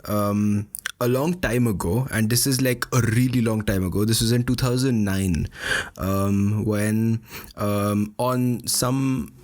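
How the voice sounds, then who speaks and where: A man's voice: lowish voice, fairly even intonation, takes it slowly, darkish tone. A man in his twenties co-hosting a podcast, telling a long, meandering story in casual chat with frequent hedges along the way. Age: 20s. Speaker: podcast co-host.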